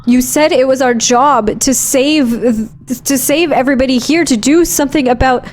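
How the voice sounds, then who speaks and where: A woman's voice: a little high, slow, darkish tone. A woman voicing a distraught young adventurer in a tabletop game, talking in a desperate, insistent way.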